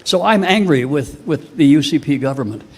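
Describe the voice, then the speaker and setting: Older male speaker, Canadian accent, slightly higher voice, emphatic rally-style political address. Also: animated, moderate pace, breathy edge. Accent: Canadian English. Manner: impassioned, emphatic, rhetorical questions. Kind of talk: public political speech.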